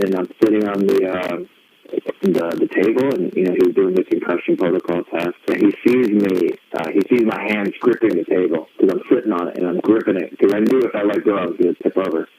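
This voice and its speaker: A man telling a story as a guest in a casual interview, animated and full of fillers, acting out what others said. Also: low-pitched, fairly quick. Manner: animated, quotes others in acted voices, many fillers. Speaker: guest wrestler. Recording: tinny phone-line sound with faint noise.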